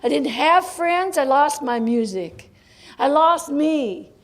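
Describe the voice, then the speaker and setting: Older woman, high voice, lively storyteller at a recovery meeting, laughs a lot, slips into quiet asides. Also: takes it slowly. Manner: animated storytelling, laughing often, dropping to soft asides. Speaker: AA speaker. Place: meeting hall.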